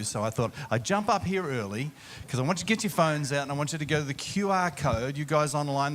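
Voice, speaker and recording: A middle-aged pastor telling a humorous story from a church stage into a mic. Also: male voice, mid-range voice, a little hiss or hum. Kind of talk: sermon storytelling.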